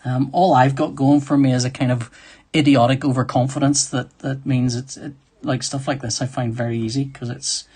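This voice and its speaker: A man's voice: medium pitch, level tone, moderate pace, mellow, breathy edge. A man hosting a live drawing stream, chatting in a rambling, self-deprecating way and reading viewer comments aloud. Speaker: livestream host drawing sketches. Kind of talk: casual chat while drawing.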